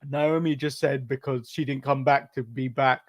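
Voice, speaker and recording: A man's voice: mid-range voice, fairly even intonation, moderate pace. A man from England co-hosting a podcast, recapping wrestling in loose, chatty talk and laughing often. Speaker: podcast co-host. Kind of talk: casual wrestling recap chat.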